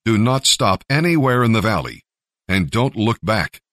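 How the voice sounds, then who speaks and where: A man's voice: lowish voice, sing-song, normal speed, fairly bright tone, no echo, studio quality. A man voicing stern male angels who issue urgent, commanding warnings.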